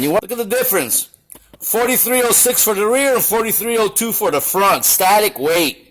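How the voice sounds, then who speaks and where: A man's voice: sits high, lively intonation, moderate pace, a bit bright, poor audio. A man working as a shop machinist gives an angry, blunt and profane demonstration to camera in his machine shop.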